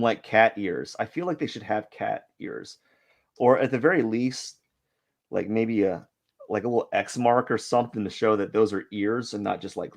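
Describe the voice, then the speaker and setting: Gravelly low-voiced man sketching live. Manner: rambling, hesitant, self-questioning; self-deprecating about his work. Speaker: artist hosting a drawing live stream. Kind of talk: casual thinking-aloud commentary while sketching.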